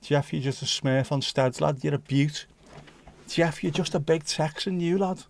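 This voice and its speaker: A man's voice: on the high side, moderate pace, creaky. A man hosting a casual livestream, reading out viewer comments with jokey banter and slipping into bits of Dutch and Spanish. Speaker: livestream host.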